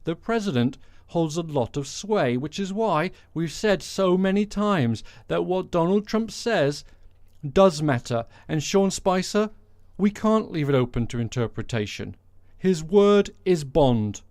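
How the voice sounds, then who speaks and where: A man hosting a podcast with blunt, sarcastic, sweary commentary. His voice sits somewhat high. The recording is dry and close, with no room sound. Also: darkish tone, no echo. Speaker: podcast host. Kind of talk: sweary comic monologue.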